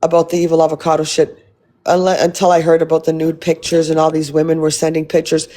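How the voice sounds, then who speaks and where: A woman's voice: sits low, monotone, quick pace, dark tone. A woman live-streaming, chatting casually with her viewers and reading their comments, blunt and rambling, swearing freely.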